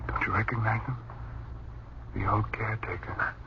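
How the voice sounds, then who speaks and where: An actor playing a frightened husband in an old radio drama, describing a ghostly scene in hushed tones. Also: male voice, on the low side, level tone, moderate pace, lightly acted. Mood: awed. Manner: hushed, awed, tense narration of what he sees. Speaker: Chuck, a frightened onlooker. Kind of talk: 1930s radio drama acting. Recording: noisy muffled old radio recording.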